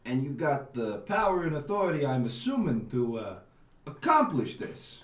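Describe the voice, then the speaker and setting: A man voicing a young male street tough with a put-on Italian American accent, gruff and full of swearing in a mob-movie drawl. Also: mid-range voice, sing-song, moderate pace, lightly acted. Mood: guarded. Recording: roomy sound from a distance.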